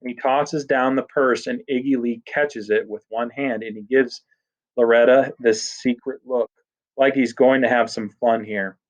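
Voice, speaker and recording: A man's voice: medium pitch, steady tone, measured pace. A man narrating a story in a casual first-person voice. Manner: casual teenage-boy first-person telling. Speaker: audiobook narrator. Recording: dull lo-fi recording.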